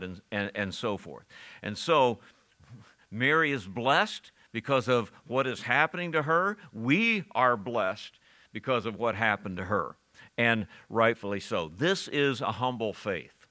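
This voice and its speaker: Preaching a sermon, this man speaks slowly in a mid-range voice that is animated, bright and forceful. He reads passages of scripture, asks his listeners questions, and frequently lets out a chuckle.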